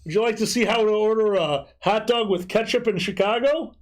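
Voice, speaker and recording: A drunk man chatting loudly and excitedly, cracking jokes with friends on a stream. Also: high-pitched, fairly quick. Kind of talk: casual drinking-stream chat.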